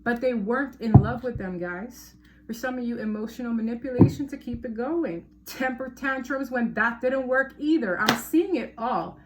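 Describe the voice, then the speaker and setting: A woman's voice: a little high, normal speed, background noise. A woman giving a casual tarot reading to her viewers, talking emphatically and repeating words for stress. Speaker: tarot reader.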